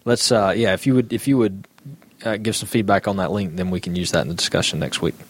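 Easygoing Southern man, low voice. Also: steady tone. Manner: easygoing, hesitant, many filler pauses. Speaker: podcast co-host. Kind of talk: casual chat.

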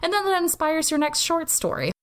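A woman's voice: very high voice, sing-song, a little fast, fairly bright tone. A woman hosting a casual solo podcast, giving advice with sarcastic jokes, swearing and playful asides. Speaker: podcast host.

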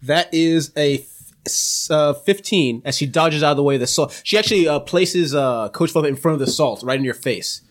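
A man's voice: fairly high pitch, normal speed. A man narrating a tabletop role-play as game master, laughing often and slipping into monster voices.

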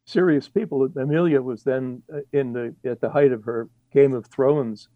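A man's voice: medium pitch, steady tone, normal speed, no room sound, phone-quality sound. A man, an author as guest, talking in a rambling, hesitant way with many fillers and restarts, over a remote connection. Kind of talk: casual interview.

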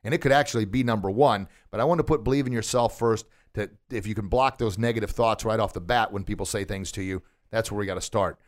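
A man's voice: fairly low pitch, fast talker, few pauses. A man hosting a coaching podcast from a recording studio, encouraging and upbeat, quizzing his listener with questions and praising the answers. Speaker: podcast host and martial arts instructor. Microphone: studio microphone.

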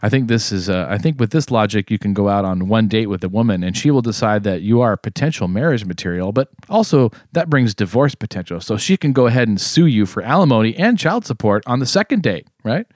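A man with a lowish voice reads out his own sardonic commentary, wry and a little tipsy. The sound is dry and close, with no room around it. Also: animated, quick pace, few pauses, darkish tone, dry recording. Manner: wry, sardonic delivery with throat clearing. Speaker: podcast co-host. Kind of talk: casual chat and read-aloud commentary segment.

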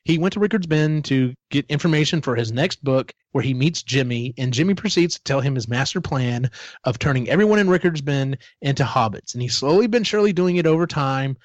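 A man's voice: mid-range voice, lively intonation, fairly quick, no echo. Man casually retelling a story, lo-fi. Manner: rambling retelling, swears freely. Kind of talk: casual book discussion. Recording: dull, dry lo-fi sound.

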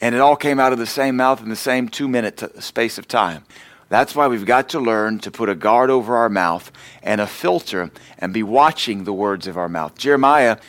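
Male pastor, middle pitch, conversational teaching sermon, dry close recording. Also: moderate pace, fairly bright tone, no room sound. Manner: conversational preaching with self-deprecating stories.

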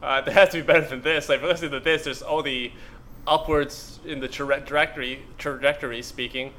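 A man's voice: mid-range voice, fairly even intonation, a little fast, bright, forceful tone, slight background noise. A man co-hosting a podcast in casual, rambling, joking chat. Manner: rambling, joking, filler-heavy. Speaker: podcast co-host.

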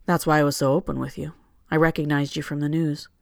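A reader voicing a calm, kind man who speaks gently. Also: mid-range voice, fast, creaky, no echo, studio quality, close to an everyday voice. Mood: gentle.

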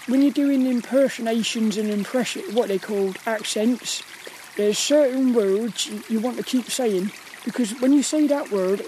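A rambling English vlogger talks quietly and casually while walking through woods by a river, often restarting thoughts. The voice is mellow and dark, picked up by a carried camera with faint trickling water behind. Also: medium pitch, a little hiss or hum, rough recording. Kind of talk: casual walk-and-talk vlog.

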